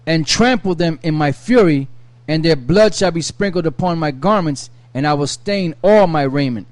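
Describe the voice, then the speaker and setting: A man with a fairly high voice reads verses aloud at a steady, measured pace. The recording is dry and close. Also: dry recording. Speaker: scripture reader. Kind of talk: reading scripture aloud.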